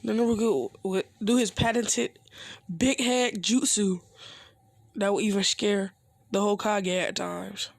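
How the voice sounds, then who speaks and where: A man's voice: high voice, fairly even intonation, measured pace, vocal fry, dry recording. A man casually improvising a fan-fiction story, rambling with slang asides.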